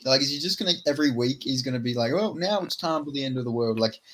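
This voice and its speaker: A man chatting on a podcast in a loose, halting way, trailing off and restarting his sentences. He laughs as he talks and keeps a relaxed, offhand tone. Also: medium pitch. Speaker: podcast co-host. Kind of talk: casual chat.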